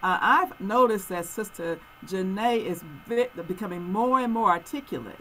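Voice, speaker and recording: A woman speaking informally on a video call, offering quick words of thanks. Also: mid-range voice, a bit bright, slight background noise, low-quality recording. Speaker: parent. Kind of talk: casual chat.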